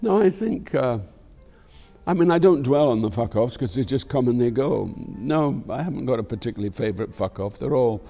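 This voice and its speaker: Expressive, fairly quick, gravelly yet mellow, an older Scottish man with a mid-range voice is interviewed as an actor, soft music behind him. He talks candidly and reflectively, rambling and swearing freely.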